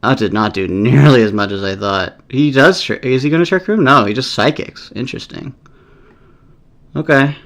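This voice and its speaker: Man, gamer voice, mid-range pitch, casual rambling play-by-play, swears a lot. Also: expressive, normal speed, a bit bright. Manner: thinking aloud, casual and rambling; swears often, exasperated. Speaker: competitive game player. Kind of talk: live gameplay commentary.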